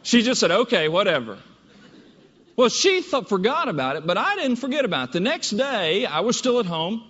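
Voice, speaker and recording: A man giving a presentation, telling a story in an animated, emphatic way, in a dull echoey hall recording. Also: extremely high pitch, a little fast, hardly any pauses. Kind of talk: storytelling speech.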